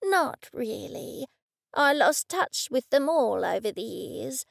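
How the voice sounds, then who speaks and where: A woman voicing a vague, rambling elderly man in his eighties in a storybook reading, speaking slowly and softly. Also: on the high side, big pitch swings, vocal fry, dry recording, clean studio sound, full character voice. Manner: slow, soft, rambling.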